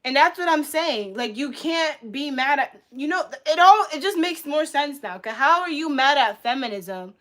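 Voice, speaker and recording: A woman's voice: high voice, lively intonation, moderate pace, hardly any pauses, pushed and bright. Heated, profane young woman streamer. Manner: heated, profane, repeats herself. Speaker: livestreamer. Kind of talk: casual live-stream reaction rant.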